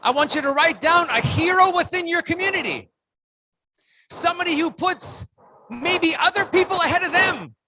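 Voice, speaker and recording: In a conference room with a live audience, a keynote speaker gives a motivational speech built on audience participation and call-and-response. His pitch is lively and his energy high at a moderate pace, and he breaks into loud shouts to rouse the crowd.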